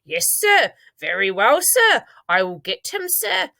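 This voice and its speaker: Brief: woman plays a pompous dad gone flustered and fawning, higher pitch, lively. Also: slow, vocal fry, dry recording, studio quality, heavily acted. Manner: fawning, stiff and formal. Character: flustered, pompous father on the phone. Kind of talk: reading a children's book aloud.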